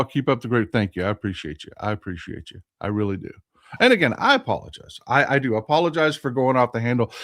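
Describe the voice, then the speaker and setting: A Texan man hosting a casual political livestream at a mid-range pitch. He talks emphatically and repeats phrases to drive his points home. He reads viewer comments aloud and answers them as he goes. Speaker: livestream host.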